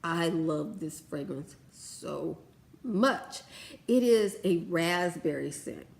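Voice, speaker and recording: Woman, vlogger, casual product review, gushing, talkative, swoops up in pitch when excited. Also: slow, creaky. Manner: chatty and gushing, lively swings in pitch. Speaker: beauty vlogger.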